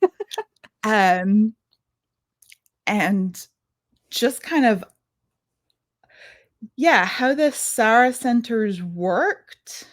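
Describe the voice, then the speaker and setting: A woman's voice: a little high, animated, extremely slow, long pauses, no echo, clean studio sound. A woman with a Scottish accent, chatting enthusiastically as a podcast co-host and asking an author questions. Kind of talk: casual chat.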